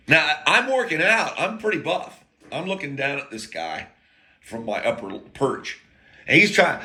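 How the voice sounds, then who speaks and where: A man's voice: medium pitch, lively intonation, moderate pace, sharp tone. An American man telling a rambling, profane story in a casual monologue, full of jokey asides and broken-off sentences. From United States.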